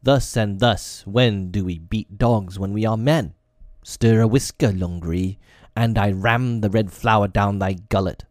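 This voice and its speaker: A man's voice: fairly low pitch, a little slow, a little mellow, dry recording, studio quality, close to an everyday voice. A man voicing a defiant young man-cub raised by wolves, with commanding, old-fashioned speech, in an audiobook reading.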